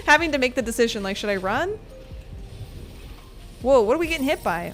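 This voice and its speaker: A woman's voice: fairly high pitch, lively intonation, moderate pace, pauses often, a bit bright, faint music behind. A woman streaming a game, rambling through a story between fights, laughing often and swearing casually. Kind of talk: casual gameplay commentary and storytelling.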